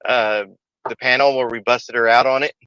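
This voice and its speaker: A man's voice: medium pitch, steady tone, normal speed, pushed and bright, clear, resonant tone, no echo, dull audio. A man in casual livestream chat, ranting emphatically with lots of swearing.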